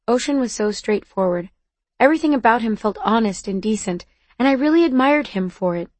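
A woman's voice: a little high, animated, a little fast, no echo. A woman narrating a first-person novel aloud in an intimate, emotional, confessional way. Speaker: audiobook narrator.

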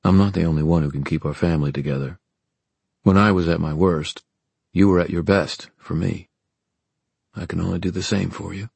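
A man's voice: low voice, fairly even intonation, a little fast, gravelly, long pauses, a little mellow, husky, no echo, exaggerated voice. A man voicing a devoted, steadfast young man. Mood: earnest.

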